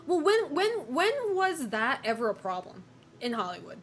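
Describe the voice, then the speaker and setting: A woman's voice: fairly high pitch, very animated, moderate pace, a bit bright, faint music behind. A woman streamer chatting casually with viewers, opinionated, swearing and laughing often.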